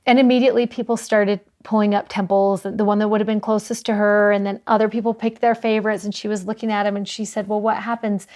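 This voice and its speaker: A woman co-hosting a scripture study discussion, telling stories earnestly and slowing down to stress key words. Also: mid-range voice, little pitch movement. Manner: earnest, warm storytelling with slowed emphasis. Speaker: co-host of a scripture study show.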